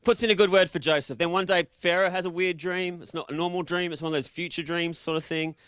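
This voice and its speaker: Brief: Australian male preacher, higher voice, jokey and casual, dry close sound. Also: steady tone, fast talker, fairly bright tone, smooth, no echo. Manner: joking, casual, quizzes the audience. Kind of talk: interactive sermon to a live congregation.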